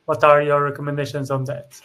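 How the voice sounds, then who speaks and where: A man co-hosting a webinar, reading out audience questions in a measured, hesitant way. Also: on the high side, monotone, fairly bright tone, smooth. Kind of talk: moderating Q&A.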